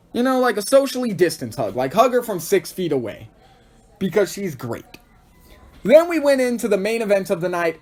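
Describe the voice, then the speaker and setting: A man hosting a podcast, casually and excitedly recapping a wrestling show and acting out the wrestlers' lines. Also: high voice. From Texas. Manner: excitable, acts out quoted wrestlers in funny voices. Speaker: podcast host.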